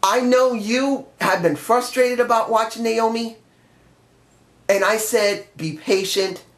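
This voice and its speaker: A man's voice: extremely high pitch, steady tone, takes it slowly, fairly bright tone. A man giving a blunt, rambling wrestling review in a casual vlog, swearing now and then. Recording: roomy echo.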